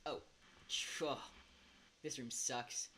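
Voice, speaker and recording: A woman streaming a game, rambling and giggling, swinging between hushed mutters and excited outbursts. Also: extremely low pitch, very slow. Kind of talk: casual gaming commentary. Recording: steady background noise.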